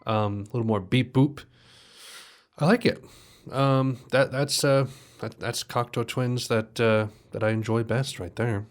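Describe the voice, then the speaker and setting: A man's voice: mid-range voice, unhurried. A man casually reacting to a music album, talking in a loose, rambling way and often correcting himself. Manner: rambling, relaxed, self-correcting. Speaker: music reviewer.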